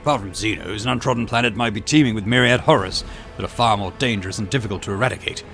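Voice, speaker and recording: Sneering Cockney heavy, loud and contemptuous, as a male narrator puts him on. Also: on the low side, quick pace, gravelly, soft background music. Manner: contemptuous, mocking. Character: sneering burly male ship official.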